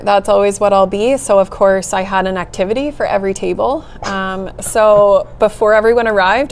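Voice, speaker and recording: A middle-aged woman, the guest in a conversational interview, telling her story earnestly and warmly with soft laughs. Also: medium pitch, a little hiss or hum. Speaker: executive director, interview guest.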